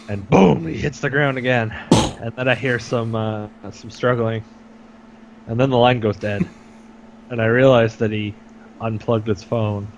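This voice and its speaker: A young man co-hosting a podcast, telling a long story in a casual, rambling way with lots of fillers and the odd swear word. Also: on the low side. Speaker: podcast co-host. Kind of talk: casual chat. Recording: dull lo-fi sound with faint noise.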